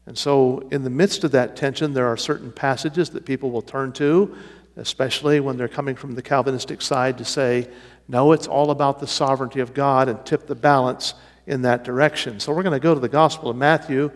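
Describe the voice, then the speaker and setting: A man teaches scripture to an evening class at a middle pitch, working through each phrase slowly and saying key lines twice. His voice rings out with a long reverb, as if he were in a big church hall. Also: steady tone. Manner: methodical, repeats key phrases for emphasis. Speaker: Bible teacher. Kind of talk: evening Bible study lecture.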